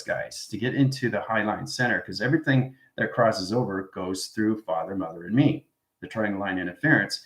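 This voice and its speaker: A man with a fairly low voice gives a loose, rambling spiritual class and keeps checking in with "right?" and "okay?". The recording picks up a roomy echo around him. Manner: rambling, tags statements with "right?". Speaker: spiritual teacher. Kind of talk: informal spiritual class talk. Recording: roomy echoey room.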